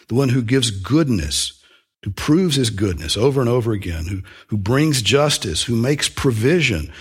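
A man with a husky, medium-pitched voice preaches a sermon earnestly and emphatically, slowing down to stress key phrases.

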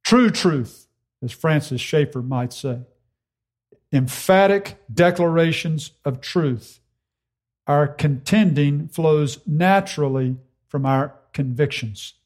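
A man delivering a sermon in an earnest, emphatic way. His voice sits a little higher than most men's, and he slows down to repeat key phrases with weight. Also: a little mellow. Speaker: preacher. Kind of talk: expository sermon.

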